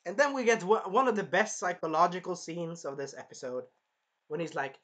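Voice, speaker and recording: A man recaps an anime episode in excitable, profane chat. He jumps into loud voices for the characters. His voice is bright and forceful. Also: sits high, brisk. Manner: excitable, swears a lot, acts out characters in shouted voices. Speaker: anime reviewer. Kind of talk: casual anime recap and review.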